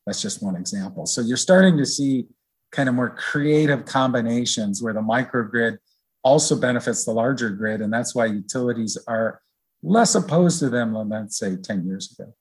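A middle-aged man as an interview guest, explaining in a relaxed, rambling way with many fillers. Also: medium pitch, normal speed, husky. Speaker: research director guest. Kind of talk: conversational interview.

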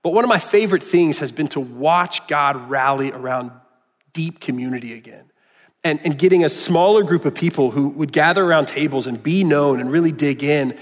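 High-voiced pastor preaching in a reverberant hall. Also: male voice, normal speed. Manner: earnest preaching with repeated restarts and acted-out quotes. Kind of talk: sermon. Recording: long reverb of a large hall.

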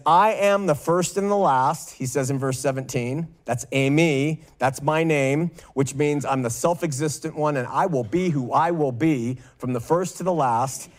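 A man teaching a verse-by-verse Bible study, slowly working through Greek wording and often checking in with "okay?". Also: a little high. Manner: slow, deliberate reading of Greek with frequent "okay?" checks.

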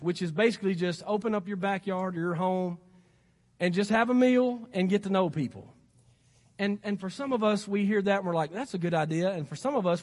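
A male pastor with a Southern accent delivers a folksy, exhorting sermon. His voice sits very high for a man. The sound carries a long reverb from the church sanctuary. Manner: folksy and exhorting, rising to emphatic peaks.

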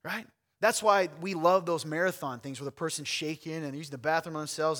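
A pastor preaching a sermon to a congregation in a church, swinging from loud calls to hushed near-whispers, with conversational asides to the listeners. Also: male voice, on the high side, brisk.

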